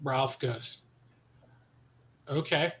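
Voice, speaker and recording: A man serves as storyteller for a tabletop game. He hands over a character's dialogue in loose retellings, tagging nearly every line with "he goes." His pitch sits in the middle, and faint noise runs underneath. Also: drawn-out words, fairly bright tone, rough recording. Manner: retells NPC speech with frequent "he goes".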